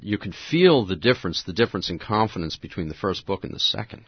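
A man's voice: low voice, sing-song, fast talker, slightly rough, dry recording, highs cut off. A man conducting an interview who asks thoughtful, probing questions. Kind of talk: interview conversation.

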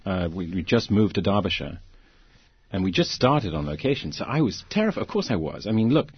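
A man, an actor, telling lively anecdotes as a guest in an interview. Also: low-pitched, a little fast, breathy edge, dry recording, muffled recording. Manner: animated anecdotes, acting out quoted voices, frequent laughs. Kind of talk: storytelling in a conversational interview.

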